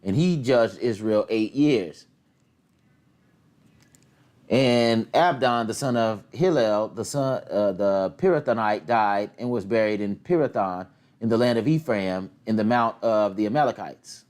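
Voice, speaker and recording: A man reads Bible passages aloud in a fairly deep voice. He keeps a steady pace and sometimes stumbles over the harder names. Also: unhurried. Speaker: scripture reader. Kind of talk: reading scripture aloud.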